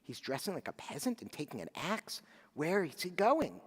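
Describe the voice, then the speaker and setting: A man's voice: a little high, huge pitch swings, normal speed, slightly rough, exaggerated voice. A curious, puzzled little girl, as a man telling the story puts her on, wondering half to herself. The sound carries a long sanctuary reverb.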